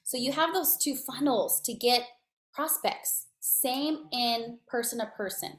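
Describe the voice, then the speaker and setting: A woman giving a motivational network marketing talk, energetic and slangy, checking in with her listeners often. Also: fairly high pitch, unhurried. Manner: energetic, slangy, coaching tone with frequent "right?". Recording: echoey room.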